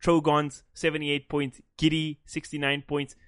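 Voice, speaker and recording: A man's voice: a little high, completely flat delivery, unhurried, fairly bright tone, no room sound, clean studio sound. A man from South Africa co-hosting a casual esports podcast, joking and teasing himself. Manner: joking, self-mocking, swears. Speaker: podcast co-host.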